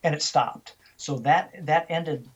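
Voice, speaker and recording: An older man appears as a guest on an interview show, spinning vivid stories and acting out the dialogue. His voice is a little high, slow and slightly rough, captured with lo-fi sound.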